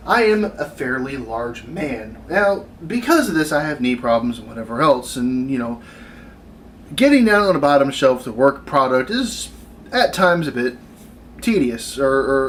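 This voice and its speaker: A man's voice: on the high side, fairly bright tone, slight background noise. Exasperated, sarcastic man ranting animatedly. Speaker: retail worker venting on camera. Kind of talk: comedic rant vlog.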